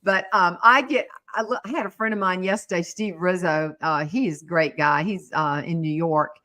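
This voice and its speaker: A middle-aged woman hosting a casual chat, telling lively stories and breaking into bits of song. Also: fairly low pitch, moderate pace. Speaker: talk show host.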